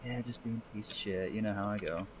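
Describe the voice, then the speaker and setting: A man's voice: fairly low pitch, fast talker, noisy background. A man co-hosting a podcast in loose casual chat, swearing freely and laughing often while he draws. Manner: talks while drawing. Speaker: podcast co-host.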